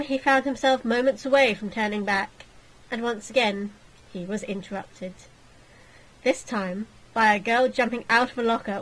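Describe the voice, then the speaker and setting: A woman's voice: a little high, low-quality recording. A woman hosting a game playthrough, reading the text aloud with playful, jokey asides. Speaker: let's play host.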